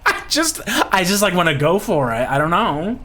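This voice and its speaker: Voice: mid-range voice, very animated, normal speed, sharp tone, slight background noise. A let's play host giving casual gameplay commentary, chatty and giggly, swearing freely.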